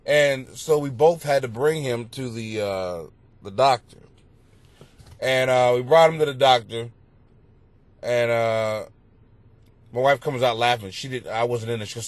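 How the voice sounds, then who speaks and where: A middle-aged male comedian telling rambling, profane stories on his podcast, bursting into loud exclamations. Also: medium pitch, a little slow, pauses often, dry recording. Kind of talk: comedic storytelling monologue. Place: basement at home.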